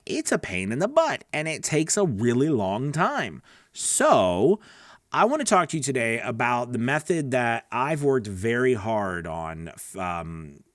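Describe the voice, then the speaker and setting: A man's voice: mid-range voice, dry recording, studio quality. A man coaching voice actors in a casual, earnest teaching talk, chatty and often checking in with "right?". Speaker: voice-over coach.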